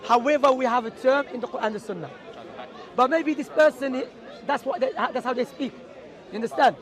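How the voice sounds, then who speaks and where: A man's voice: very high-pitched, brisk, some chatter behind. A man preaching on theology outdoors in a city, emphatic and full of rhetorical questions. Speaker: Islamic preacher. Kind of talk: outdoor street talk on theology.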